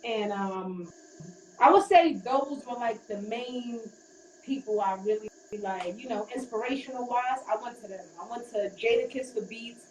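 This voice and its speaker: A woman rapper from Queens, New York, chatting casually in an interview with a relaxed, rambling manner and many fillers. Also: a little high, normal speed. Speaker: rapper guest. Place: hotel room while getting ready. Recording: roomy, distant, faint background noise.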